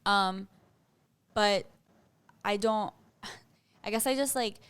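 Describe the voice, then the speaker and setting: A woman's voice: medium pitch, slow, fairly bright tone, smooth. A woman co-hosting a podcast, asking questions and thinking things over in casual chat. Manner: questioning, thoughtful. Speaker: podcast co-host.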